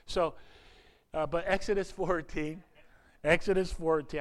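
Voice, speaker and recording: A man's voice: fairly high pitch, measured pace, long pauses. A man preaching a sermon as a pastor, in a conversational way, often repeating and restarting words and briefly acting out quoted voices.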